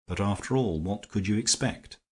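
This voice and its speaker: A man's voice: on the low side, moderate pace, a little mellow, breathy edge. A man voicing a sulky, scheming English brother who blusters and complains, in an audiobook reading.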